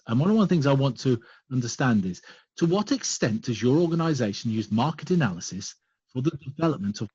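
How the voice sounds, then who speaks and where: A man presenting a business webinar, explaining points in a measured way and listing them one by one. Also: medium pitch, husky, no room sound. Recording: dull lo-fi online call audio.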